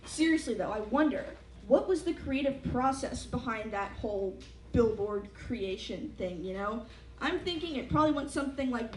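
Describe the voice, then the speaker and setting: A woman's voice: a little high, animated, moderate pace. A young woman doing a stand-up set before a live audience, with a wry, self-deprecating manner and many fillers. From United States. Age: young adult. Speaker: student stand-up comic. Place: large hall with a live audience. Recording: echoey hall, noisy live mic.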